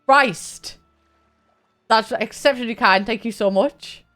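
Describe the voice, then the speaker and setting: A young woman chatting and laughing while she streams a game, talking in halting bursts with frequent restarts. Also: fairly high pitch, a bit bright, faint music behind. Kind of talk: casual live-stream chat while gaming.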